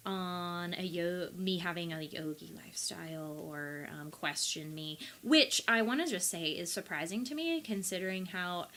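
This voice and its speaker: A woman's voice: lowish voice, sharp tone. A woman from the US Midwest, a podcast co-host in casual chat, playful with chatty asides.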